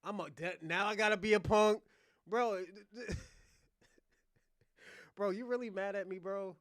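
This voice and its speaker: High-pitched guy from boston hosting a live show, teasing, laughs a lot, dry sound. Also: steady tone, a little slow, a bit bright, no echo. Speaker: livestream host. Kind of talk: casual live chat.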